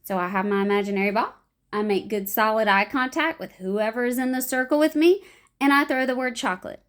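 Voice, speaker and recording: Young female improv teacher, animated, slightly high voice, beginner lesson. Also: fairly quick. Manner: animated, acts out short example lines.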